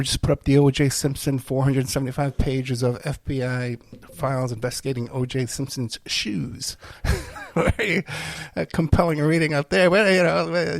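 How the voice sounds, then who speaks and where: This middle-aged podcast host talks on his own in a loose, rambling, self-deprecating way, clearly fatigued and under the weather. He has a medium-pitched voice with vocal fry at a normal pace, with no room sound.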